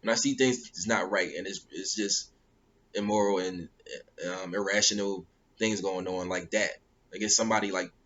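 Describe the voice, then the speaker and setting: Man, battle rap commentator, hot-headed casual rant, sharp bright tone, muffled low-fi sound. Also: fairly even intonation, moderate pace. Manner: heated and repetitive, often asking "you know what I'm saying".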